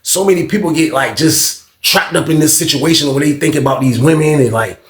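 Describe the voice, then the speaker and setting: Brief: male storyteller, casual and chatty, higher voice, echoey room. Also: brisk. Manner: loose, conversational, frequent asides. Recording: roomy echo.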